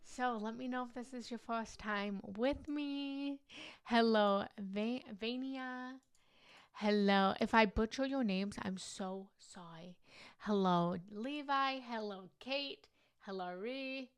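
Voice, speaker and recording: A woman's voice: a little high, slow pace, clean tone, no room sound. A young woman hosting a live stream as a meditation teacher, gushing and effusive, repeating her greetings over and over. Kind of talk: live-stream chat and talk.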